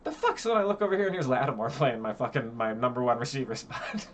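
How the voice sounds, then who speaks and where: A man's voice: medium pitch, very animated, fast, slight background noise. A young man ranting angrily about a video game, swearing constantly and turning sarcastic, one moment raising his voice and the next muttering. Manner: angry, swearing, sarcastic, swinging between shouting and muttering. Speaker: gaming channel host. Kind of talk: profane ranting commentary.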